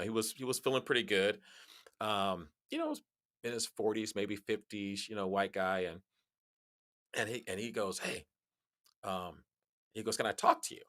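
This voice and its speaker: A man guest on a podcast, telling stories in casual conversation, animated and laughing as he talks, often restarting his sentences. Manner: animated storyteller, jumps high in pitch on quoted lines; frequent restarts and laughs while talking.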